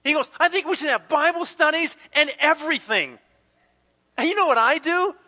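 Male preacher, very high ringing voice, animated storyteller, long hall echo. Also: moderate pace. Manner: animated storyteller acting out quoted voices, dropping to hushed intensity. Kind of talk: sermon with personal story.

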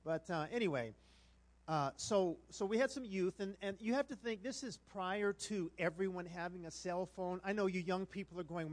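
Male pastor, middle-aged, high voice, animated, self-mocking sermon story. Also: moderate pace.

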